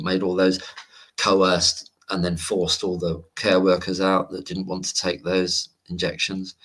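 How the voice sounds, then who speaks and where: Male streamer, very low voice, casual and digressive, reads out chat comments. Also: a bit bright. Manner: rambling and digressive, reads viewer comments aloud. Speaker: livestream host. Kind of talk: casual late-night livestream chat.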